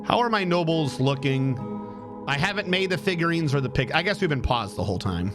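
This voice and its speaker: A man's voice: on the high side, animated, brisk, over music. A man streaming a building game, muttering and counting tiles aloud while getting frustrated. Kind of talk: live gameplay commentary.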